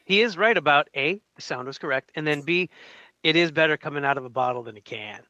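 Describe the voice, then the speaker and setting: A man's voice: fairly high pitch, quick pace, sharp tone, dry recording, lo-fi sound. A man trading goofy jokes in live radio banter. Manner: goofy, jokey, playful. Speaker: show regular.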